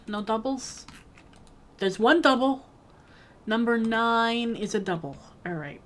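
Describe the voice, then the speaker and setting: A woman's voice: medium pitch, steady tone, unhurried. A woman giving casual, rambling commentary while playing a video game, talking to herself and to the characters on screen with playful, jokey outbursts. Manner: jokey mock-bossy outbursts. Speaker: gaming video creator.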